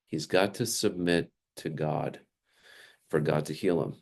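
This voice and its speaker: A man preaching a sermon, animated and acting out the people he quotes, with frequent small laughs. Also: a bass voice, measured pace, vocal fry. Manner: animated, acts out quoted characters, laughs often. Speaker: pastor.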